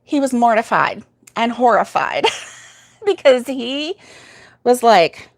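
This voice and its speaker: A woman's voice: on the high side, big pitch swings, slow pace, gravelly. An older woman hosts a casual livestream, telling a story in a chatty way, laughing often and reading viewer comments aloud. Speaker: host of a crochet livestream.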